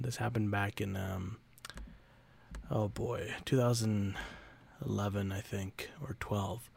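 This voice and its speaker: A man's voice: on the low side, fairly even intonation, unhurried, gravelly, slightly rough. A man co-hosting a podcast in a casual, joking chat, slipping into playful whispers now and then. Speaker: podcast co-host.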